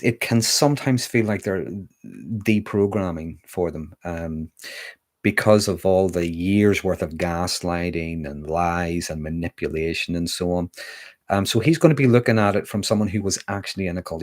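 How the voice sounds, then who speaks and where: A man hosting a livestream, calmly explaining ideas in a relaxed, casual way with frequent ums. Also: low-pitched, normal speed. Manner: calm, explanatory, with frequent fillers. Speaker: livestream host on mental health.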